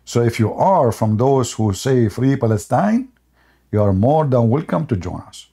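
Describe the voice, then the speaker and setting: A man hosts a debate show in a loose, mocking monologue, drifting into long personal anecdotes. His voice is husky and raspy, with a dark, mellow tone. He chuckles often as he talks. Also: mid-range voice, expressive, measured pace. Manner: rambling anecdotal storytelling.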